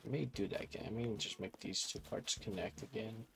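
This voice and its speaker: A man with a low, gravelly voice drifts through laid-back gameplay commentary, musing to himself as he plays. Game music plays clearly behind him. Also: brisk. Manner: relaxed, musing to himself while playing. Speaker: gaming channel host.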